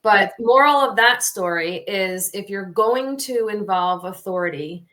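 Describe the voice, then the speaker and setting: A middle-aged woman co-hosting a podcast, telling a story in a lively, casual way and laughing often. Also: mid-range voice, a little slow. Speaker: podcast co-host. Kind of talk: casual chat.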